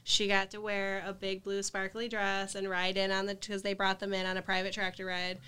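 A woman's voice: mid-range voice, completely flat delivery, normal speed, sharp tone, clean tone. A young woman who runs a princess party business, chatting casually, bubbly and laughing often as she acts out her own reactions. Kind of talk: casual chat.

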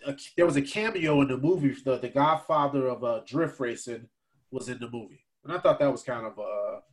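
Casting: man, mid-range voice, relaxed podcast co-host, easygoing. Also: medium pitch. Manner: easygoing, agrees a lot with quick yeps. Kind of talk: casual movie chat.

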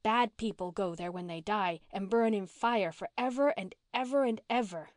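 A woman's voice: medium pitch, a little fast, a little mellow, no room sound, clean studio sound, natural voice. A woman reading an audiobook and voicing a cheerful, dramatic minister's daughter who speaks eagerly.

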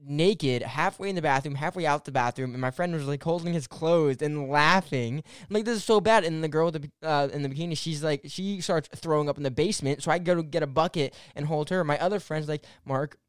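An animated young man tells a story in a loose, rambling way, leaning on filler words and swearing as he goes. His voice sits a little high for a man and sounds smooth and clean. The sound is dry and close, with no room behind it. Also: brisk, hardly any pauses, no room sound. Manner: rambling, full of "like" fillers and restarts. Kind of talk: casual anecdote telling.

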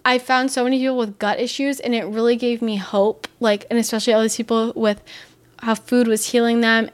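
A young woman with a smooth, clear voice pitched a little high talks candidly about her own life, loose and chatty. She says "like" often, swears bluntly, and her voice climbs as she gets worked up. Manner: candid, conversational, swearing, many fillers; grows heated and higher when upset. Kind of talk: casual personal storytelling.

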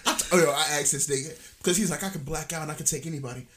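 A young man co-hosting a podcast, telling a story in casual chat, laughing often and acting out quotes loudly. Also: on the high side, rapid-fire, very noisy. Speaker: podcast co-host.

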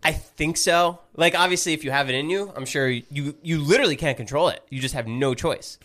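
A man hosting a podcast in casual chat, asking quick, teasing questions. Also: a little high, fairly bright tone. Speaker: podcast host.

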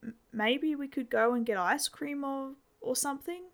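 A woman's voice: high voice, normal speed, creaky, voice pushed up. A woman reading the lines of a nervous, awkward teenage boy who stammers.

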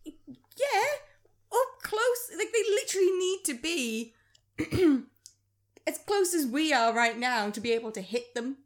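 Brief: female podcast co-host, slightly high voice, blunt and sarcastic. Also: lively intonation, unhurried, pauses often. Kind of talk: casual film review chat.

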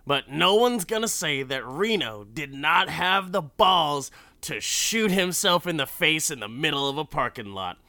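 A man's voice: fairly high pitch, big pitch swings, unhurried, hardly any pauses, pushed and bright, dry recording, voice pushed up, exaggerated voice. A man playing a defiant, blunt gambler. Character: defiant hot-headed male gambler.

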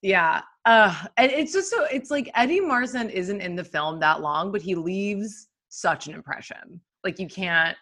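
Film podcast co-host: bright, sharp-toned woman, giggly and blunt. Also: mid-range voice, unhurried, few pauses. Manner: animated, giggly, blunt jokes. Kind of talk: casual film chat.

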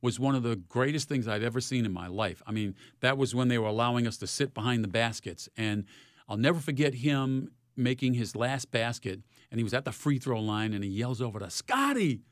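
A retired sports reporter in his sixties, telling lively stories in an interview. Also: a little fast, no echo, clean studio sound. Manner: animated storyteller, rising loud in highlights. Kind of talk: storytelling interview.

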